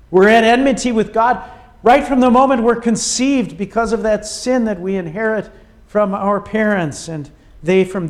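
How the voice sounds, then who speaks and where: Preaching with slow, forceful emphasis, this man lends his sermon drama by often sinking to a hushed, low voice to drive points home.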